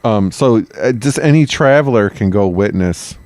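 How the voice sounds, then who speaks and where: A man's voice: lowish voice, lively intonation, normal speed, a little mellow, no echo. A man co-hosting a history podcast, chiming in with blunt, swearing reactions and questions. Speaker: podcast co-host. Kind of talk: casual podcast chat.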